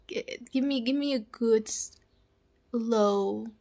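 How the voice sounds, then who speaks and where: A young woman in a whispered role-play who talks in a soft, teasing way and giggles often. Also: fairly high pitch, very slow, creaky, pauses often. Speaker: audio role-play performer.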